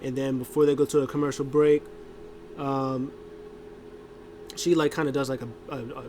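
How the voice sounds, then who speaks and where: A man's voice: mid-range voice, level tone, normal speed, dark tone, a little hiss or hum. A man casually recapping a wrestling show, rambling with lots of fillers and acting out quotes. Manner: rambling, many fillers and restarts, acts out quotes.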